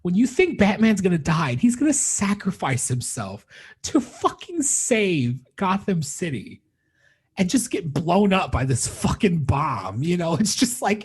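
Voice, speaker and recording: A young man rambles through a spoiler review on his podcast, swearing freely and letting his feelings spill over. His voice is husky and slightly breathy. His pitch swoops up and down animatedly as he talks. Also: a little mellow. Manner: emotional, heavy swearing, rambling retelling. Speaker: podcast host reviewing a film. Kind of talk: casual spoiler review monologue.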